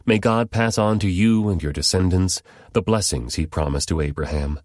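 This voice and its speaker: A man reading the part of an old blind father giving a solemn blessing, measured and grave. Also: low-pitched, no echo, clean studio sound, natural voice.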